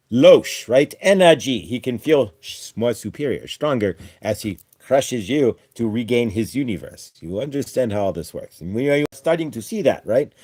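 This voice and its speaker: A man's voice: mid-range voice, a little mellow, no echo, studio quality, natural voice. A man channeling a male ascended master spirit, giving a spiritual teaching in a preachy manner that ends almost every point with "right?".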